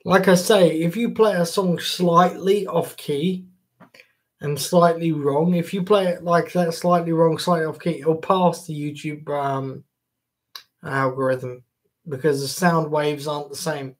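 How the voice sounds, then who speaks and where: A male live streamer talking loosely to his viewers. He jokes around and swears casually. His voice sits a touch high, and he takes his time. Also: steady tone, measured pace. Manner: chatty and jokey, swears casually.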